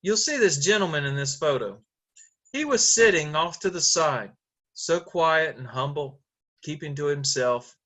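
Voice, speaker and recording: Middle-aged man, district leader on a video call, bright and forceful, earnest, lots of fillers. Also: on the high side. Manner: earnest storytelling with frequent fillers and restarts. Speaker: Rotary district governor.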